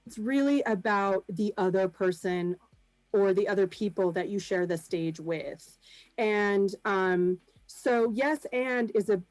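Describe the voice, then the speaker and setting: A woman guest chatting over a video call, middle-pitched and unhurried. She pauses on lots of ums and slips in soft laughs. The sound is close and dry, with no room around it. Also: dry recording, rough recording. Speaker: guest, improv performer and business founder. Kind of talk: casual podcast chat.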